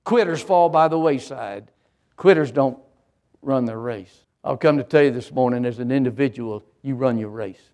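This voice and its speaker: A man's voice: medium pitch, moderate pace, warm tone. An older man, a pastor, preaching a sermon with an emphatic, repetitive cadence.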